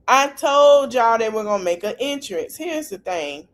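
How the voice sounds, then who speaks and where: On a rough recording, a woman with a voice on the high side recaps at an unhurried pace as a podcast host. She animatedly retells scenes he-said-she-said style, slipping in slangy comments to listeners.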